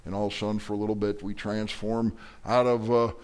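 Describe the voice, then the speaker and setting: A middle-aged man, a pastor, preaching a verse-by-verse sermon in a folksy, animated way with playful asides. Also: fairly low pitch, quick pace, clean tone.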